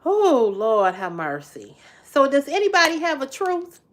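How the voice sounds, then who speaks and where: Woman, livestream host; slightly high, very lively pitch; easygoing, laughing, teasing banter. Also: measured pace. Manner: laughs often, exclaims loudly; chatty, teasing, folksy. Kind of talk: casual livestream chat reading viewer comments.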